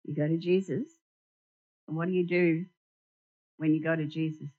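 A woman's voice: deep voice, normal speed. Woman preaching with props, lo-fi. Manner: animated, asks the congregation questions. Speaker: church speaker. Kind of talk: interactive sermon with props. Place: church. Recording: dull lo-fi recording.

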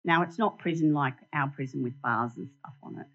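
A woman giving an animated sermon in a church, asking the congregation questions and showing them props. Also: sits low, brisk. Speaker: church speaker. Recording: dull lo-fi recording.

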